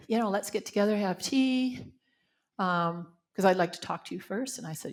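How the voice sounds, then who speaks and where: A woman's voice: medium pitch, normal speed. An older woman minister from Canada telling personal stories in a spiritual talk, acting out the voices she quotes, then leading a guided meditation.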